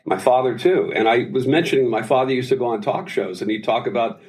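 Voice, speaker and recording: The recording is rough as a man in his sixties, a singer guesting on an interview, rattles off anecdotes quickly in a medium-pitched voice. He tells them animatedly, doing voices, in casual talk.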